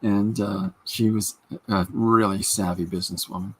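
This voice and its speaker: A man in his fifties hosts a casual livestream podcast, rambling from one thought to the next. His voice is husky and sits on the low side, and he keeps pausing to read out viewer comments. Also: fairly even intonation, fairly bright tone. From Canada. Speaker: podcast host.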